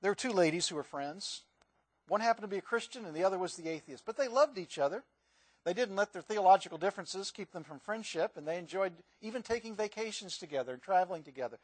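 A man's voice: high voice, lively intonation, quick pace, dry recording. A male pastor giving a conversational sermon, asking the congregation questions.

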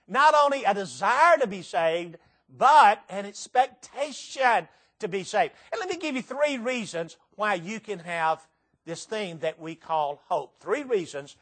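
Older man, preacher, high voice, emphatic sermon, church meeting. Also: big pitch swings, measured pace, fairly bright tone. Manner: emphatic, dramatic swings in pitch and volume. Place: church meeting before a live audience.

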